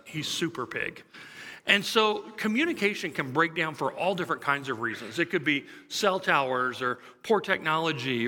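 A middle-aged pastor delivers a sermon in a relaxed, lively storytelling manner, chuckling now and then. His fairly high voice is very bright and ringing, with a long reverb from the large hall he's in.

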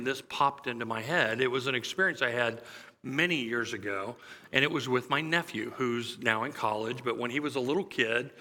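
A middle-aged pastor preaches in a relaxed, storytelling way, chuckling now and then. His voice is very bright and ringing, and it carries a long reverb from the large hall around him. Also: mid-range voice. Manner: conversational storytelling, lively and chuckling. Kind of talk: sermon.

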